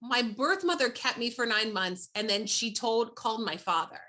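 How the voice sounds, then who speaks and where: An American woman, a guest in an interview, telling her life story in an animated, heartfelt way with frequent restarts. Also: a little high, moderate pace. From United States. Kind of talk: personal storytelling in conversation.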